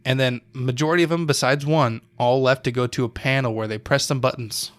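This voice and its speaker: Podcast co-host, young man, mid-pitched, casual storyteller who swears and rambles. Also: fairly even intonation, a little fast. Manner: loose, swears often, laughs, loses his thread. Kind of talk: casual chat.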